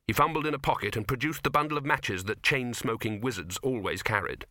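Steady and measured, a man tells the story of an audiobook in scripted narration. His voice sits in the mid-range, and the recording is dry and of studio quality.

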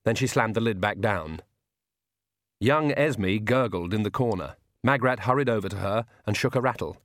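A man with a measured, wry delivery narrating an audiobook on a close mic. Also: fairly low pitch, fairly bright tone, no echo. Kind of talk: scripted narration.

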